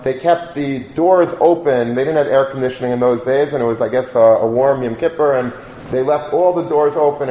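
A man tells a story in a relaxed, conversational sermon, slipping into the voices of the people in it. His voice sits a little high. The room is echoey, with faint ambience behind him. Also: slight background noise. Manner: conversational, telling a story with acted quotes.

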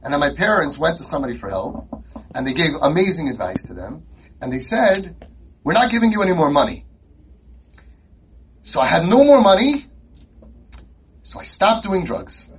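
A man putting on the voice of a sarcastic young man who brags about quitting drugs, in a mocking deadpan tone. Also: fairly high pitch, normal speed, long pauses, breathy edge, distant mic, full character voice, rough recording. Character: sarcastic young man, former drug user, smug.

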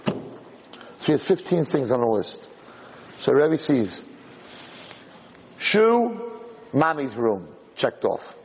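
Animated rabbi telling a story. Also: male voice, slow, long pauses, slight background noise. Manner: animated, rambling with restarts, rising to loud high peaks. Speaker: rabbi giving a class. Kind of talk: storytelling sermon to a live group. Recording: echoey hall.

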